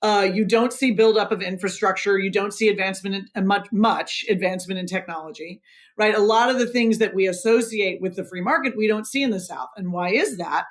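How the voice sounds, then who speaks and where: A woman's voice: medium pitch, a little fast. A woman author, a guest on a podcast interview, explaining history in an earnest, emphatic way.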